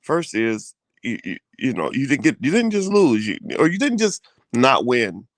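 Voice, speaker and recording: Animated man talking with restarts. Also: mid-range voice, moderate pace, no echo. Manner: animated, frequent restarts, profane slang. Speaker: co-host. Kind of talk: casual chat.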